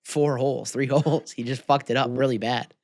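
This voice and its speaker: A man's voice: mid-range voice, steady tone, a little fast, a little mellow, no echo. A man co-hosting a sports podcast, chatting casually, swearing freely and laughing often. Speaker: podcast co-host.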